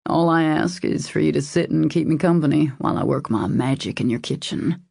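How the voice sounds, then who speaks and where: A woman voicing a confident, calm adult man who speaks in a smooth, assured and gently teasing way in an audiobook. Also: deep voice, a little fast, dry recording, clean studio sound, heavily acted. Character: confident, calm adult male boss and suitor. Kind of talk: audiobook character voice.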